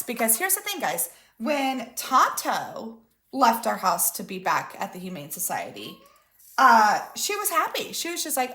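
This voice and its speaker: Chatty mom vlogger telling a story, bouncy high voice, kinda echoey room. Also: female voice, very animated, unhurried, a bit bright. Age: adult mother of school-age daughter. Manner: chatty, lots of "like" and quoted dialogue. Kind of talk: casual storytelling to camera.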